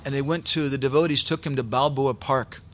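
A man preaching, telling a sacred story in an animated way and acting out its characters. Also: mid-range voice, a little fast. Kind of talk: sermon storytelling.

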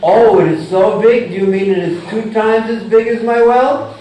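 A man's voice: high-pitched, fairly even intonation, normal speed, warm tone, pitched above the performer's own voice, natural voice. A man voicing a small-minded frog in a well, asking eager, incredulous questions in a storytelling lecture. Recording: echoey hall, distant mic.

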